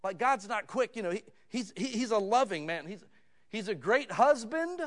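A male pastor preaching a sermon in a conversational style, dropping to low asides and rising to loud, pleading emphasis. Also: lively intonation, normal speed.

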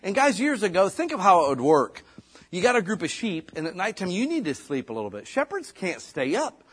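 A middle-aged male pastor preaches in a chatty, folksy style, full of asides. His fairly high voice swings widely in pitch and has a husky edge. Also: huge pitch swings, a little fast. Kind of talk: sermon.

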